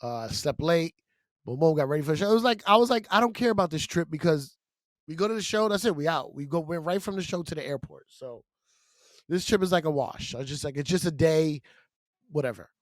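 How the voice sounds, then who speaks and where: Animated man telling a story, slightly high. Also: brisk, dry recording, clean studio sound. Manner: animated storyteller, slangy with "bro", acts out exchanges. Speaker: podcast co-host and comedian. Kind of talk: casual storytelling chat. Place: podcast studio. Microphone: studio mic.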